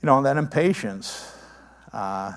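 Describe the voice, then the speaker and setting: A man preaching a sermon in an animated way, with incredulous asides and stammering restarts. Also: mid-range voice, slow pace. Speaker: pastor.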